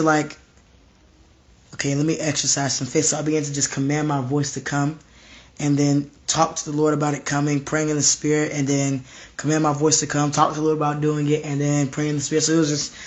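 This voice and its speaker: A slightly hoarse young man with a fairly high-pitched voice preaches informally from his home. He speaks with intense, repetitive fervor, sinking to quiet tones when he quotes his own thoughts or God. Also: completely flat delivery, fairly quick. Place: home room.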